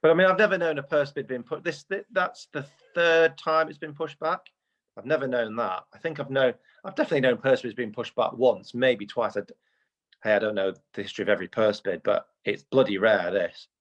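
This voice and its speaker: A British man co-hosting a casual podcast chat, talking in quick bursts with stammering repeats. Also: medium pitch, fairly bright tone, dull audio. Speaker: podcast co-host.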